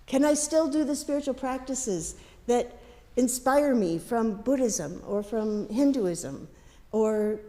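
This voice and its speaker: A woman minister giving a sermon in a conversational way, with light asides and gentle humor. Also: fairly high pitch, lively intonation, slow pace. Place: congregation's worship hall. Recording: long reverb of a large hall.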